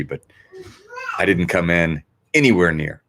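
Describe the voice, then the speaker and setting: A man with a fairly low voice hosts a trivia stream from home. He rambles easily through small talk, loose and friendly. His delivery is unhurried. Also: fairly bright tone, a little hiss or hum. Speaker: trivia host. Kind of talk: casual livestream chat.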